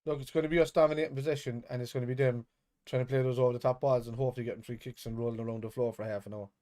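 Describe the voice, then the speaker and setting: A man streaming a live watch-along of a football match, reacting with excitable, sweary outbursts. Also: mid-range voice, rapid-fire.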